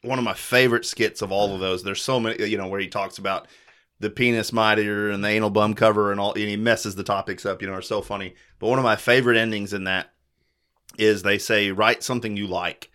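Bright-toned man rambling, lively. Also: fairly low pitch, a little fast. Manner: rambling, laughing, swears often. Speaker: podcast co-host. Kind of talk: casual chat.

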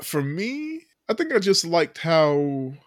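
A man hosting a casual movie chat, laughing often and slipping into quick impressions. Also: fairly high pitch, very animated, no room sound, studio quality. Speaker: podcast host.

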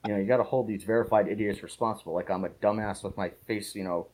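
A man telling stories in a casual podcast chat, swearing freely and talking rapidly. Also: on the low side, steady tone, darkish tone, poor audio. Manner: rapid, profane storytelling. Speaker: podcast co-host.

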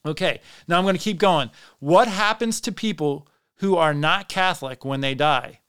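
A man's voice: a little high, normal speed, fairly bright tone, smooth, dry recording, studio quality. A middle-aged man hosting a religious podcast, speaking in an earnest, passionate monologue with frequent restarts. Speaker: podcast host.

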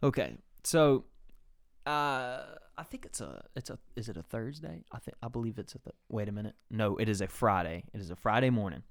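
A man's voice: fairly low pitch, animated, a little fast, no echo, clean studio sound. A young man hosting a podcast, telling a rambling, profane story in casual chat. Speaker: podcast host.

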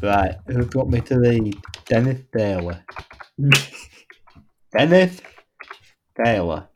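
A man reading aloud in a low, murmured put-on voice, slow and quiet. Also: sing-song, background noise. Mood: hushed.

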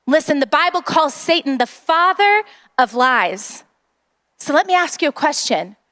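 Middle-aged woman pastor, very high voice, earnest rallying sermon delivery. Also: expressive, a little slow, a bit bright.

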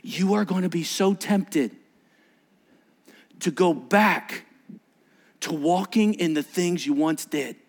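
A middle-aged man preaching a sermon as pastor, telling stories with voiced quotes and dropping to a hushed near-whisper for emphasis. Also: sits high, takes it slowly, pauses often. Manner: animated storytelling with voiced quotes and asides.

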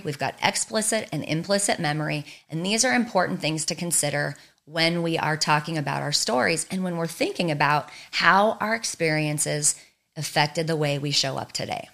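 Woman trauma therapist with a lower-pitched voice, delivering an earnest explanatory lesson in short repeated phrases. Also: a bit bright. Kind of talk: explanatory teaching talk.

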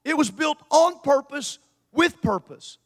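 Preacher guy, really high voice, goes quiet then shouts. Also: expressive, a little slow. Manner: preaching, swings between quiet asides and shouted peaks. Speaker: pastor. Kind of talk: sermon.

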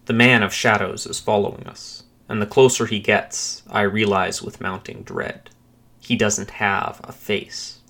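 A man narrating a first-person thriller story with a steady, measured dramatic reading. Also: fairly low pitch.

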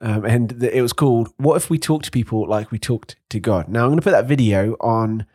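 A man's voice: mid-range voice, fairly quick, darkish tone, no room sound, clean studio sound. Wry man co-hosting a faith podcast. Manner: wry, joking, self-correcting restarts. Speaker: podcast co-host. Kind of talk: casual chat.

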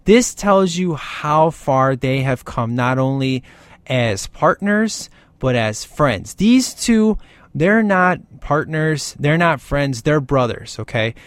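A man talking casually and with excitement through a movie's scenes, gushing as he goes and often tagging "man" onto his lines. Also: on the high side, takes it slowly, no echo. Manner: gushing and animated, keeps saying "man". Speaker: film commentator.

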